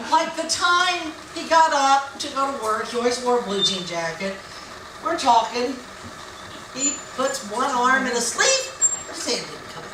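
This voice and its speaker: High, lively woman telling a comic story. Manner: laughs often at her own story, shouting and mimicking others. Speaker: stand-up comedian. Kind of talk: storytelling comedy set. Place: small live music venue. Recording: echoey room, distant mic, faint noise.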